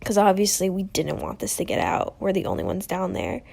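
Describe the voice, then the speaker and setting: Young adult female podcast host, chatty storyteller, mellow and slightly gravelly. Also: medium pitch, a little fast. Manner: chatty, lots of "like" and "um", animated quoting. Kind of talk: casual storytelling.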